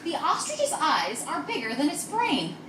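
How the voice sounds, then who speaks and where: A woman's voice: high-pitched, huge pitch swings, a little slow, reverberant, background noise, full character voice. An actor playing a chatty, overbearing woman in a sitcom who keeps prying and pushing people to agree with her. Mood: cheery. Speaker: sitcom character. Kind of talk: sitcom acting.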